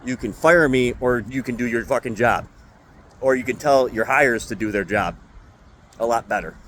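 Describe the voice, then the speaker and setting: A man in an angry, profane rant about his job, talking in an ordinary mid-pitched voice. Faint traffic sound hangs behind him outdoors near a car. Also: moderate pace, a bit bright. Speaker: retail store employee. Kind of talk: venting vlog.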